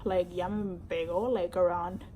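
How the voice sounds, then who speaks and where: A woman's voice: on the low side, level tone, moderate pace, dark tone, slight background noise, rough recording. A young woman tells a pregnancy story in a casual vlog, switching languages, chatty and swearing freely. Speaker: vlogger.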